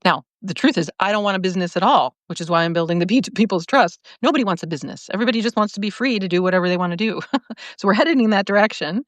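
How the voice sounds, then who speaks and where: A woman hosting a live video, reading out viewer comments and answering in an animated way, laughing often and restarting her sentences. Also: lowish voice, no echo. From lived in Chicago, now in California. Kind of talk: casual live-stream talk.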